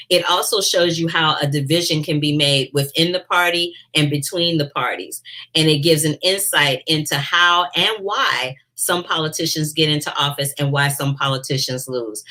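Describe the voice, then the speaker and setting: A woman's voice: deep voice, sharp tone. A woman film critic hosting a chatty movie review talk, addressing her viewers directly. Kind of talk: casual movie review chat.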